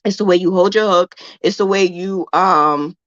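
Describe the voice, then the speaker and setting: A woman's voice: lowish voice, moderate pace, fairly bright tone, dry recording. Playful chatty woman, dull dry sound. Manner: playful and chatty, likens crochet hooks to romance. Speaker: crochet host. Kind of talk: casual livestream chat.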